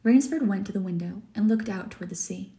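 Fields: A woman teacher reading a story aloud for a lesson, narrating in a measured, deliberate way. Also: medium pitch, mellow.

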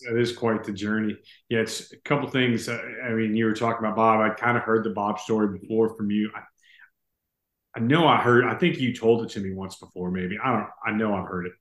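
A male podcast host reflects aloud on his guest's story in a casual tone. His voice sits slightly low. The recording carries a roomy echo. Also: steady tone, fairly quick, fairly bright tone. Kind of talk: interview conversation.

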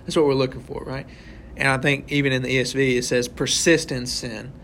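A man's voice: medium pitch, flat delivery, fairly quick, gravelly, a bit bright, a little hiss or hum. A man leading an interactive Bible study, talking conversationally, often tagging his points with "right?" and acting out little scenes. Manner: conversational, asks the group questions; tags sentences with "right?".

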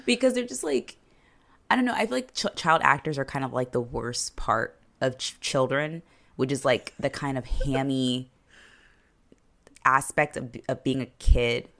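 Low, gravelly woman chatting casually. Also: animated, unhurried, fairly bright tone. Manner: rambling, filler-heavy, frequent "like", sarcastic asides. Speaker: podcast co-host recapping a TV episode. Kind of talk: casual chat.

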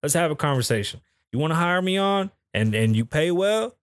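A man's voice: fairly high pitch, expressive, brisk, no room sound. Blunt, profane man podcasting solo. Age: adult, calls himself too old for festivals. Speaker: podcast host. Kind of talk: casual solo podcast commentary. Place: home in Las Vegas.

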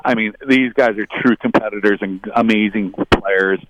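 A man's voice: steady tone, moderate pace, background noise. A middle-aged man, a former hockey player, telling long casual anecdotes, rambling and quoting others. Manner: rambling anecdotal, quotes others in higher voices. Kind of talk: casual storytelling.

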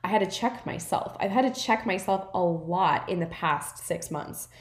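A woman's voice: on the low side, normal speed. A woman hosting her podcast as a wellness coach, talking in a casual, earnest, encouraging way, with many "like"s and "right?" tags. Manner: chatty, filler-heavy, with frequent "like" and "right?" tags. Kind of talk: casual reflective monologue. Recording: roomy echo.

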